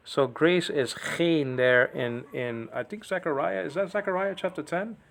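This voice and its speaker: A man's voice: on the high side, moderate pace, gravelly, hardly any pauses, a bit bright. A man giving an informal language lesson, repeating words to correct pronunciation and often checking understanding with "okay". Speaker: teacher.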